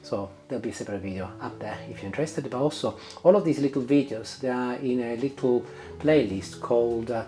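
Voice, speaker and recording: A man's voice: mid-range voice, brisk, dark tone. A man hosting his cooking channel, chatting casually to camera with lots of "uh" fillers while he cooks and tastes in a home kitchen.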